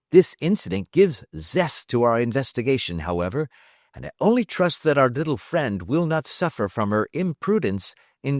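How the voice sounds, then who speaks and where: A man voicing a calm, witty detective who answers threats with bland, quiet irony. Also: fairly high pitch, no room sound, studio quality, pitched above the performer's own voice. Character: calm, witty male detective, cool and imperturbable.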